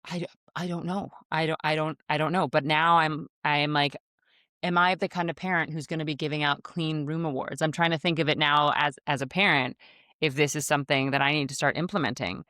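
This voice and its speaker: A woman's voice: sits low, fairly even intonation, brisk, fairly bright tone, no echo, clean studio sound. A woman in her thirties co-hosting a podcast, telling easygoing stories in casual chat from her desk microphone. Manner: chatty storyteller, easygoing. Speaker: podcast co-host. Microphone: desk microphone in front of her.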